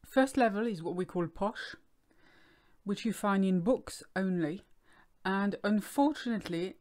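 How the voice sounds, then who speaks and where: A French woman explaining grammar as a language teacher, speaking clearly and repeating examples slowly. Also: mid-range voice, darkish tone. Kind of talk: online language lesson.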